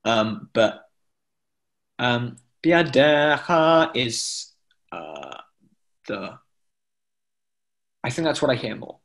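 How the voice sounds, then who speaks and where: A man's voice: on the low side, sing-song, drawn-out words, vocal fry, long pauses, a bit bright. A man teaching an online class in chanting scripture, explaining with many fillers and chanting short examples. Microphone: video call.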